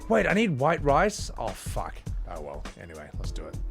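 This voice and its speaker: A man streaming a game and chatting casually with his viewers. His delivery is lively and full of swings in pitch as he rants and pokes fun at himself. Faint game music plays under his voice. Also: moderate pace, creaky. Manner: animated, joking, self-deprecating rants.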